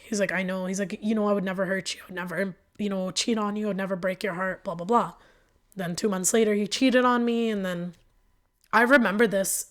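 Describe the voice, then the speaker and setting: Young woman candidly recounting a painful breakup. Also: medium pitch. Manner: emotional, animated retelling with many fillers and quoted dialogue. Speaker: podcast guest. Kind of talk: candid storytelling.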